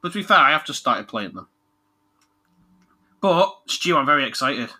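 A man chats casually about games in a very bright, tense voice, with lively ups and downs. He jokes and laughs often, like an animated podcast host. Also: mid-range voice, normal speed, breathy edge. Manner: animated, jokey, laughs a lot. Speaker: podcast host, game reviewer. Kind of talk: casual chat.

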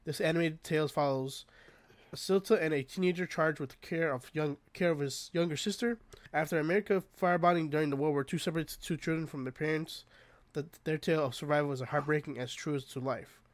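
A man's voice: on the high side, fast, no room sound. A man co-hosting a casual podcast chat, bluntly giving provocative opinions with plenty of swearing. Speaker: podcast co-host.

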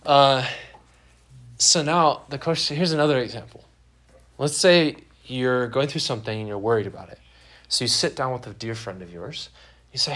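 A man's voice: medium pitch, normal speed, a bit bright. A young man preaching a sermon in a church, in a conversational, joking way with acted-out quotes. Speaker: pastor. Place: church sanctuary.

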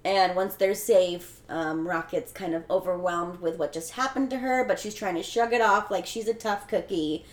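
Retelling a movie plot as a podcast co-host, this young woman talks at normal speed in a lowish voice, with hardly any pauses. Her chatty, casual recap is heavy on filler words, and the audio carries a roomy echo.

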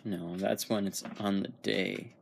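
A man's voice: sits low, little pitch movement, a little slow, vocal fry, slight background noise. A young man with the hiccups chatting casually as a podcast co-host, teasing and rambling through a story. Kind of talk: casual chat.

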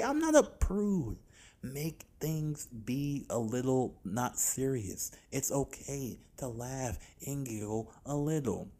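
A man talking loosely and fast in a casual podcast rant, slangy and profane. His voice sits at an ordinary middle pitch, and he swings from low muttering to loud outrage. He sounds like a host speaking straight to his listeners. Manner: animated, profane, exasperated, slangy. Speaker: podcast host reviewing films.

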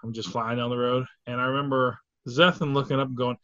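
Animated storyteller man, dull dry sound. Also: medium pitch, fast talker, no echo. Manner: animated, acts out quotes with exclamations. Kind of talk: casual storytelling chat.

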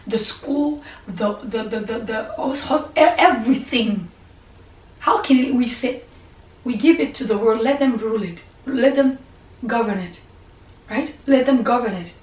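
A woman pastor preaching and praying, impassioned and repetitive, sometimes falling to a soft whisper. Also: a little high. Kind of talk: sermon and prayer. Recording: echoey room, voice from a distance, faint background hum.

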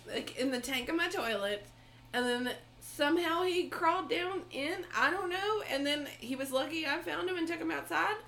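A woman co-hosting a podcast, telling a story in a casual, animated way with frequent laughs and swearing. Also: high-pitched, moderate pace, a little hiss or hum. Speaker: podcast co-host.

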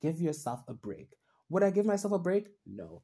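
With a fairly low, dark voice carrying a breathy edge, a young podcast host speaks at normal speed and very animatedly. She muses earnestly and at length on her personal struggles, rambling and searching within herself.

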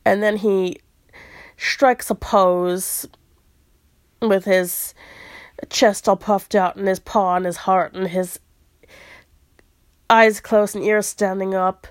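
A woman in casual chat, relaxed, retelling a book's story in her own words with asides. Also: mid-range voice, takes it slowly, pauses often. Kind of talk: casual chat, reading a book aloud.

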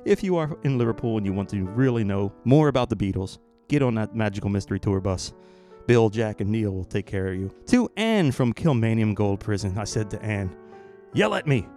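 A man hosting a podcast, giving a run of friendly, jokey thank-yous and shout-outs in an upbeat, chatty way. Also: fairly low pitch, animated, fairly quick, faint music behind. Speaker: podcast host.

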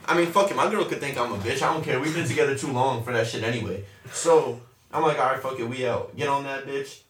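Profane young man telling an animated story. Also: mid-range voice, fast talker, a little hiss or hum. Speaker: storyteller in casual chat. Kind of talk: casual chat. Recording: roomy echo, a bit far from the mic.

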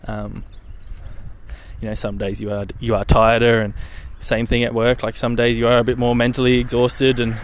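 A man's voice: medium pitch, normal speed. Young male podcast host, loose and chatty, mid-range voice, light traffic hum outdoors. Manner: rambling, relaxed, swears casually. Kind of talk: casual solo podcast chat.

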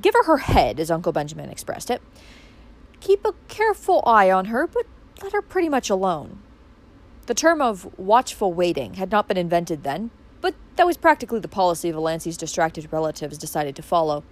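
A woman narrating a classic novel aloud, her pitch moving widely and expressively through each sentence. Her delivery is animated and engaged. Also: fairly quick. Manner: expressive, wide-ranging delivery. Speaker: audiobook narrator.

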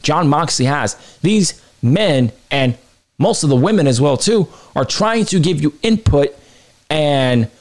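A man's voice: animated, a little slow. Heated, profane man ranting on a podcast. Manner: profane, heated, swings between low and high pitch. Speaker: podcast host. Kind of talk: opinionated wrestling podcast rant.

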